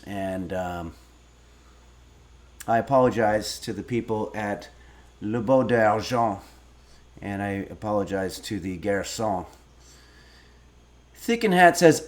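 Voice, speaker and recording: A man in his fifties hosting a casual cooking livestream, reading viewer messages aloud and answering with deadpan, rambling stories. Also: medium pitch. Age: 50s. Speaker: streaming cooking show host.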